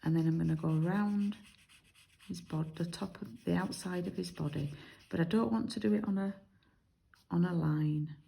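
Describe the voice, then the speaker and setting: British lady demoing card making, low gravelly mellow voice, chatty and explaining each step. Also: normal speed, rough recording. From United Kingdom. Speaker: craft demonstrator.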